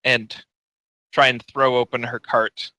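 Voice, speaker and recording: Bright-voiced man playing a tabletop game. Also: medium pitch, level tone, a little slow, dry recording, poor audio. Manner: casual, hesitant with fillers. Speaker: player.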